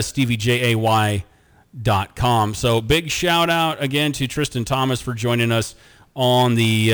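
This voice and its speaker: A male sports radio host talking casually in a studio. He jokes with his co-host and reads listener texts aloud. His voice sits at an everyday middle pitch. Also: a bit bright, smooth, big-room sound.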